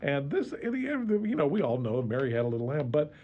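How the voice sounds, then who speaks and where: A man's voice: mid-range voice, very animated, highs cut off. A man guesting on a radio show, chatting about history with frequent laughs, fillers and restarts. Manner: chuckling, halting with many fillers. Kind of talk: casual radio chat.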